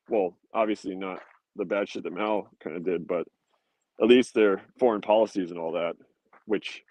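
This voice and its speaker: A young man with a low voice and a dry, close sound rambles casually to his viewers. He swears constantly and drifts from laid-back chat into worked-up rants. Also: no echo, poor audio. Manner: profane, laid-back, ranting.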